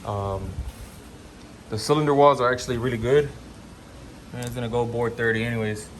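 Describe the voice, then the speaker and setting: A man's voice: mid-range voice, steady tone, normal speed, a little hiss or hum. A man hosting a casual car build vlog, talking in a laid-back, rambling way through his garage work. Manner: laid-back, rambling, repeats "gonna go ahead".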